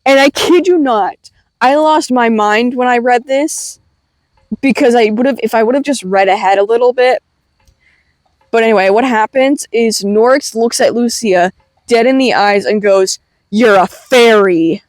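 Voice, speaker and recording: This young woman's voice is fairly high and a little slow, with no echo. She recaps a comic as a webcomic reviewer, loosely and chattily, leaning on "like" and tossing in casual curses.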